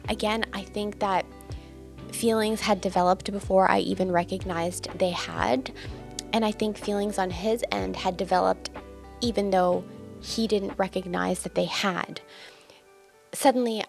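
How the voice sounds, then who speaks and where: Middle-aged woman, confessional vlogger, gravelly edge, faint music under her voice. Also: medium pitch, fairly even intonation, measured pace. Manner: candid, emotional, many filler words. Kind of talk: personal confessional storytelling.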